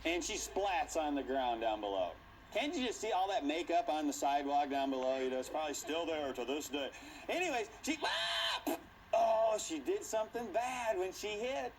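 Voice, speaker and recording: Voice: medium pitch, lively intonation, normal speed, a little hiss or hum, low-quality recording. A Bible teacher telling a Bible story to a class in a playful, theatrical way, laughing and acting out the scenes.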